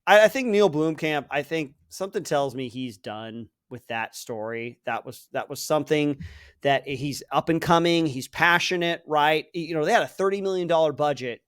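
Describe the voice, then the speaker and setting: A man with a somewhat high voice chats casually on a podcast, rambling through a story with plenty of fillers. The sound is close and dry, with no room behind it. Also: moderate pace, clean tone, no room sound. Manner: rambling, animated retelling with filler words. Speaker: podcast co-host. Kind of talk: casual chat.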